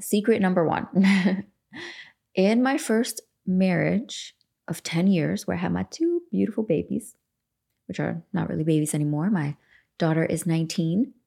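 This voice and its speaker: A woman in her forties hosts a self-help podcast from home, talking in a loose, rambling, candid way and swearing without a pause. Her voice sits a little low, with a gravelly, husky texture. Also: dark tone. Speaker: podcast host. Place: home room facing a lake.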